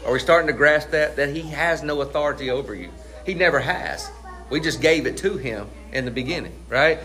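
A middle-aged man preaching a sermon as pastor. He is emphatic, asks the congregation questions and answers them himself, and draws out key phrases slowly for weight. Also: fairly high pitch, bright, forceful tone.

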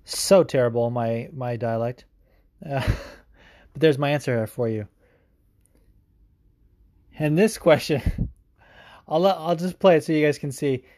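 A man's voice: medium pitch, slow, long pauses, a little mellow, no echo, clean studio sound. A man hosting a podcast, casually answering listener questions in a joking, profane, mock-grand way. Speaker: podcast host.

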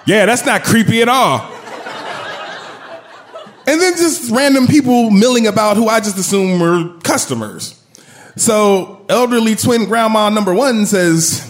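A man tells a funny story from his own life, his voice sitting high and leaping up and down with every line. He talks in a loose, profane, self-mocking way. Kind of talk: comic personal storytelling.

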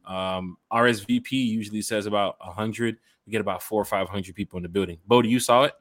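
A man's voice: on the low side, fairly even intonation, fast talker, a bit bright, no room sound. A man hosting a casual fan podcast, hyped and slangy, talking straight to his listeners. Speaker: podcast host. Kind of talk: casual chat.

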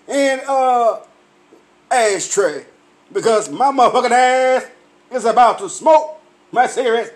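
A tipsy man, laughing often, on a loud and profane comic rant to his camera. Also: very high voice, expressive, slow, long pauses. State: tipsy from drinking. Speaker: vlogger.

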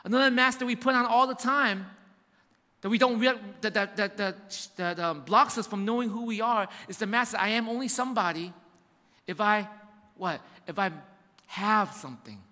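A man's voice: sits high, normal speed, pushed and bright, big-room sound. A man preaching a sermon as pastor, emphatic and repetitive, addressing his church directly.

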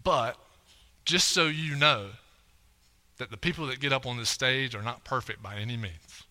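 A man's voice: mid-range voice, normal speed, bright, forceful tone. A young man preaching a sermon from a church stage, telling a personal story in a casual, conversational way and often checking in with "right?".

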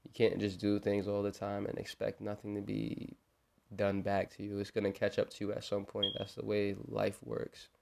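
A faint hiss or hum sits under this young host's lowish, gravelly, darkish voice, delivered completely flat at normal speed. He encourages listeners informally about faith and forgiveness, earnestly repeating his words as he goes.

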